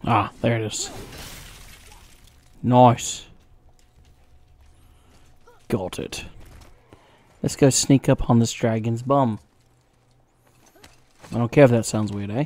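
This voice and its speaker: A man chatting his way through a game stream in a mid-range voice. He talks loosely and jokingly, reacts loudly to scares and puts on silly voices for the characters. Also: mid-range voice, fairly even intonation, takes it slowly, long pauses. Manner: exclaims at sudden scares. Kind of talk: casual gameplay commentary.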